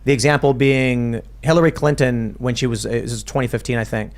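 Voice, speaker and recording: A man's voice: medium pitch, fairly even intonation, brisk. A man hosting a political panel podcast, making his case in long, restarting sentences as he thinks aloud. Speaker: podcast host.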